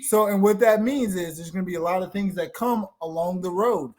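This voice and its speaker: A man's voice: high-pitched, fairly quick, a little mellow. A man hosting a casual podcast chat, talking emphatically and repeating himself for stress. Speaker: podcast host.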